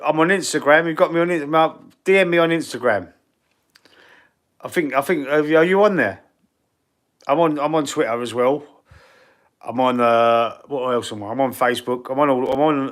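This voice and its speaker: A man's voice: on the high side, a bit bright. A middle-aged Cockney man chatting live. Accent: Cockney London. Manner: chatty and rambling, reads viewer comments aloud and answers them; blunt and swears casually. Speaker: football channel live-stream host. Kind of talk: casual live-stream chat.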